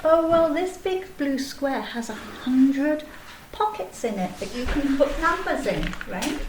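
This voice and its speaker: High-voiced, patient kindergarten teacher. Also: female voice, expressive, slow, noisy background. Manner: patient, gently explaining, sing-song. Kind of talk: children's video lesson. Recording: echoey room, faint background ambience.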